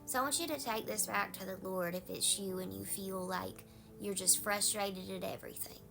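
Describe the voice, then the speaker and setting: A woman's voice: mid-range voice, fairly even intonation, moderate pace, vocal fry, over music. A woman pastor with a Southern US accent, giving a folksy, conversational devotional talk.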